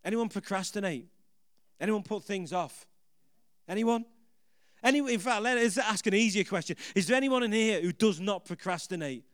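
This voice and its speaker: A man's voice: high-pitched, no echo, studio quality. A man preaching a sermon to a congregation, emphatic, repeating phrases and putting questions to the audience.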